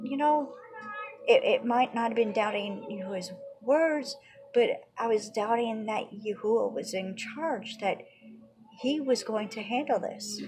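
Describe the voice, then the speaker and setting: A woman's voice: on the high side, darkish tone. A woman giving an earnest religious teaching, retelling her own prayers and quoted conversations as testimony.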